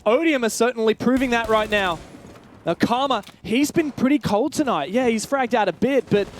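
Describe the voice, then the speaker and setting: Very high-voiced esports caster. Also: male voice, a little hiss or hum. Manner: fast, rising to shouts at big plays. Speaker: play-by-play caster. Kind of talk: esports commentary.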